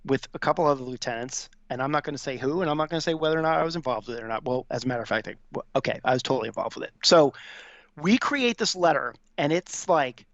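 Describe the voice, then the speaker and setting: A man's voice: mid-range voice, animated, fast talker, dry recording. A man in his fifties, a podcast guest and veteran, telling a casual, profane anecdote and acting out the people he quotes. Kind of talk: casual storytelling. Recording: dry, slightly dull audio.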